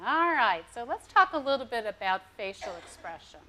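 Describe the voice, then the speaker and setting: A woman's voice: a little high, big pitch swings, fairly quick, bright, forceful tone, a little hiss or hum. Woman speech therapist lecturing a group. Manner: friendly, coaching the audience through exercises. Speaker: speech-language pathologist presenter. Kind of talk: community education talk. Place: lecture room with a live audience.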